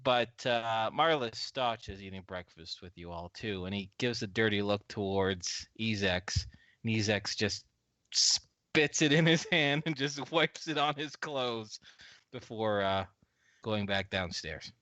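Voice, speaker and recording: A man narrating as game master in a relaxed, filler-heavy way, recorded through a slightly muffled mic. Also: lowish voice, unhurried, no echo.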